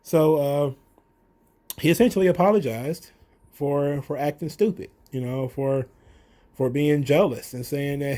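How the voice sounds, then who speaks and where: Casual male commentator, rambling and animated as he recaps. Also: on the high side, measured pace, long pauses. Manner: rambling, many fillers and restarts, animated retelling. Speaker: wrestling show commentator.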